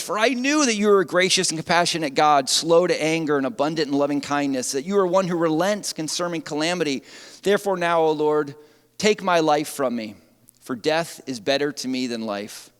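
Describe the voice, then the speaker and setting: Preacher doing a bitter, indignant prophet, raised and strained, long church reverb. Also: male voice, a little high, brisk, fairly bright tone, clean tone, lightly acted. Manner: pleading, indignant outburst. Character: angry resentful male prophet complaining to God.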